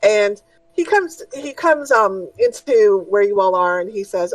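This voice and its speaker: A woman narrating as game master of a tabletop game in a relaxed way, with many fillers. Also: medium pitch, unhurried, dry recording, far from the mic, poor audio.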